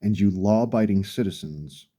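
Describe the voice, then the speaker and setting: A man's voice: fairly low pitch, normal speed, warm tone. A furious man delivering an angry, profane political rant, berating his listeners. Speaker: commentator.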